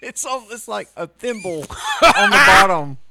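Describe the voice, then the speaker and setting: A man's voice: high voice, animated, unhurried, vocal fry, very noisy. A man co-hosting a podcast in casual chat, teasing and wisecracking. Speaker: podcast co-host.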